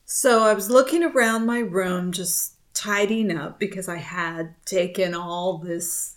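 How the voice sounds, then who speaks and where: Unhurried woman co-host, chatty and laughing. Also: on the low side. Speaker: podcast co-host. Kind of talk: casual chat.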